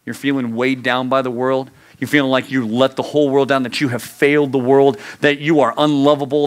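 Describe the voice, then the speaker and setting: An earnest male youth preacher who drives his points home through repetition. He climbs into urgent emphasis, then drops to a hushed, close tone. His delivery stays direct and personal throughout. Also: medium pitch. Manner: earnest, swings from raised urgency to hushed intimacy; repeats phrases for emphasis. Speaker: youth pastor. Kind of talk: sermon.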